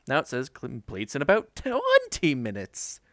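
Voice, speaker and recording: A woman co-hosting a livestream, giving relaxed, matter-of-fact updates with plenty of fillers. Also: extremely low pitch, measured pace, no echo, clean studio sound. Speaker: stream co-host. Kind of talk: casual stream chat.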